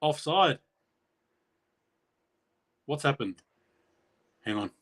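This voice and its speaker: Hosting a stream, a man gives play-by-play on a match very slowly, his voice fairly high, a bit bright, and animated. He rambles, corrects himself, and jumps up in pitch at big plays.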